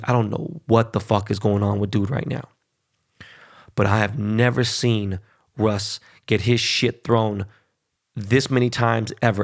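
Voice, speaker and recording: A man with a gravelly, creaky voice rants about sports in casual talk. He swears constantly and rambles, voice pitched in a typical middle range. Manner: profane, heated and rambling.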